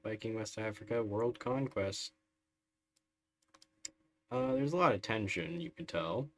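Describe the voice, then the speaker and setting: A man's voice: on the low side, animated, unhurried, fairly bright tone. A man streaming a strategy game live, chatting through it in a wry, sarcastic way. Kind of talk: live gameplay commentary.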